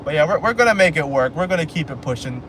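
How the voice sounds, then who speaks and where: A man's voice: on the high side, expressive, fast, fairly bright tone. A man live streaming while he drives, rambling casually and joking at himself. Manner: rambling, self-joking, repeats phrases. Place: inside a car on a highway. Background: faint road and car noise.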